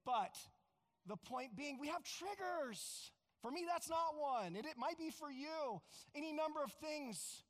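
A pastor preaching a sermon, animated and acting out quoted voices, sometimes with bursts of shouting. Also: male voice, very high voice, a little slow. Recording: hall with long reverb.

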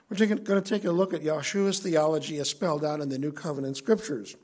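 A male preacher delivers an earnest sermon with a high, husky voice. He teaches in a conversational tone and stresses his key points. The delivery stays plain and direct. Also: expressive, fast talker, hardly any pauses, darkish tone.

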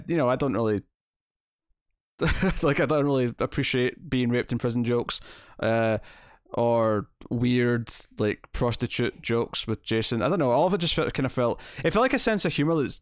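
A man's voice: mid-range voice, animated, moderate pace, dry recording. Scottish male co-host, blunt and chatty, dry mic. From Scotland. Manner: blunt, opinionated, with frequent fillers. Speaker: podcast co-host. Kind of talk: casual comic review chat.

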